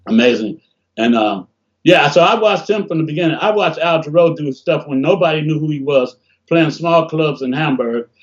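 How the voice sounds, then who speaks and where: An older man from Detroit telling animated stories in a casual interview over a video call, often acting out what people said. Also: medium pitch. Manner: animated, laughing storyteller, acts out quotes. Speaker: interview guest, bassist. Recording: dull lo-fi call audio.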